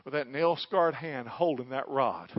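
A man preaching a sermon, with an impassioned delivery that swells to loud peaks. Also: mid-range voice, a little slow, dry recording, muffled recording.

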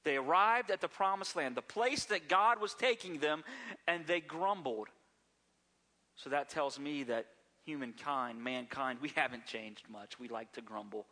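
A male pastor delivers a sermon with a bright, slightly high voice. He keeps a conversational preaching style and often throws rhetorical questions to his congregation. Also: a little slow.

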